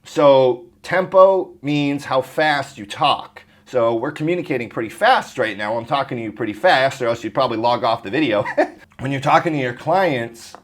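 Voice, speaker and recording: A man coaching viewers on phone sales, talking to camera in a brisk, direct way and often clearing his throat. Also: mid-range voice, expressive. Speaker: insurance telesales trainer.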